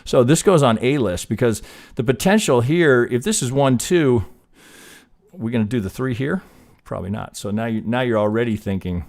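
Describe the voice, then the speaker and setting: In a medium-pitched, slightly mellow voice at a moderate pace, a trading streamer goes through chart counts live in a loose, casual teaching style. Now and then he swears and gets fired up.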